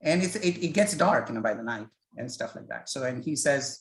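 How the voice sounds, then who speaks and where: This man's mid-range, slightly bright voice moves briskly with lively intonation as he runs a self-recorded scripture study. He talks hesitantly and casually, telling stories to illustrate his points in an informal lecture style. Echo fills the room, and the sound quality is poor.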